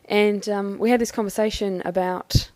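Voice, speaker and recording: A woman talking through a personal experience in a thoughtful, halting, measured way. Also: mid-range voice, fairly even intonation, darkish tone, no room sound. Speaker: vlogger. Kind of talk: personal reflective monologue.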